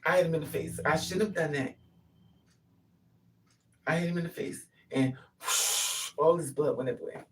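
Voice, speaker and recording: A woman's voice: low voice, moderate pace, long pauses. A woman telling a personal story in a casual monologue, animatedly acting out what others said. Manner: animated, acts out quotes. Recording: distant mic with faint noise.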